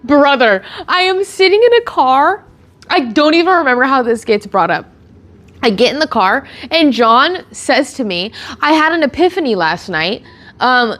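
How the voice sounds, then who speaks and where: Animated young woman telling a story. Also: high-pitched, measured pace. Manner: animated storytelling, bursts of laughter, heavy filler "like". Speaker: streamer. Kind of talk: casual chat answering chat questions.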